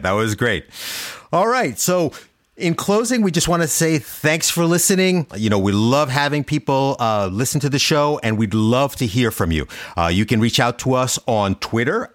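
A man's voice: mid-range voice, no echo, studio quality. A male doctor co-hosting a podcast, explaining in an easygoing way. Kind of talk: casual chat.

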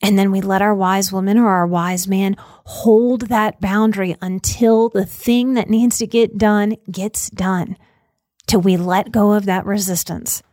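Woman self-help podcaster, calm and encouraging, mid-pitched voice, dry studio sound. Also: a little slow, no room sound. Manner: calm, encouraging, repeats phrases in lists. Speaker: podcast host and mental health speaker. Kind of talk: reflective podcast talk on self-help quotes.

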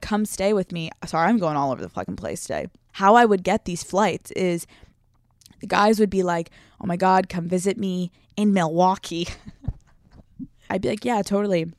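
A woman's voice: mid-range voice, a little mellow. A young woman hosts a solo podcast in a brash, foul-mouthed, rambling way. Her voice sits in an ordinary middle range. The sound is close and dry, with no room echo. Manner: brash, profane and fast-talking. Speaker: podcast host. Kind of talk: casual solo podcast chat. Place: restaurant brunch. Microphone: phone.

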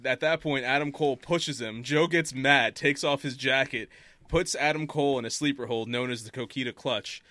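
Man, casual podcast host, bright tone, dry close sound, animated storyteller. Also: medium pitch, moderate pace, dry recording. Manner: animated storytelling, laughs often. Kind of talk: casual chat.

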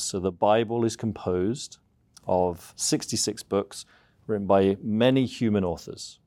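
Low-voiced English professor explaining. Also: male voice, dark tone. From southeast England. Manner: measured, explanatory, frequent "uh" fillers. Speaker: seminary professor, guest. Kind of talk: interview answers.

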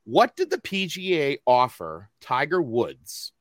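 A man with a Boston accent runs a loose podcast chat in a middle-pitched voice. He rambles, piles up "uh"s and restarts his sentences. His voice is close and dry, with no room sound. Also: wildly swooping pitch, slow, dry recording. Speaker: podcast host.

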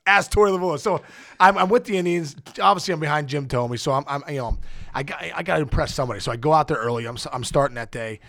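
Gravelly, excitable man telling a story. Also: fast talker, no echo, studio quality. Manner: rambling, excitable, acts out quotes with big pitch jumps. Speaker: podcast guest, former baseball player. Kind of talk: animated storytelling in casual chat.

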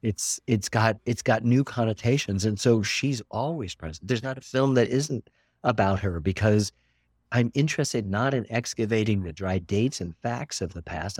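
Older male guest, earnest and expansive, lowish voice, dry close sound. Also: breathy edge, no echo. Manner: earnest, expansive, repeats words for emphasis. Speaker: documentary filmmaker. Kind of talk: reflective interview talk.

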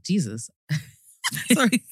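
A woman's voice: lowish voice, big pitch swings, slow pace, slightly rough, dry recording, clean studio sound. Playful London woman co-hosting a podcast. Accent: London English. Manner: playful, laughs often, teasing. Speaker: podcast co-host. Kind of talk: casual chat.

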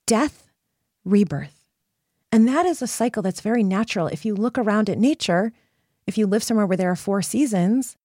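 A woman's voice: a little high, mellow, dry recording, clean studio sound. A woman hosting a personal self-help podcast, coaching listeners in an earnest, emphatic way. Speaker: podcast host.

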